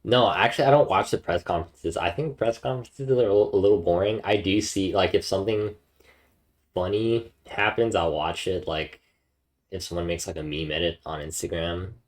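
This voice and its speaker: Low-voiced laid-back young man. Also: fairly even intonation, brisk. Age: young adult. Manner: laid-back, many fillers. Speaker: streamer. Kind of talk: casual chat with viewers.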